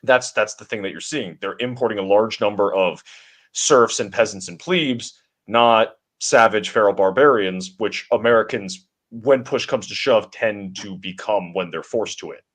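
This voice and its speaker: A man with a fairly low voice delivers long, assertive political commentary as co-host of a talk stream. He talks in a steady flow and seldom stops. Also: moderate pace.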